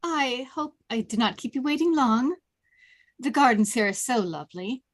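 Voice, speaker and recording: A woman reading a proud, sharp-tongued young woman at a table read, crisp and tart. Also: on the high side, expressive, moderate pace, dry recording. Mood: apologetic.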